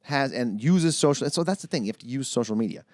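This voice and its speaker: Animated, swearing male podcast co-host. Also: mid-range voice, quick pace, no echo, clean studio sound. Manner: rambling, swearing, acts out voices. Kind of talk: casual chat.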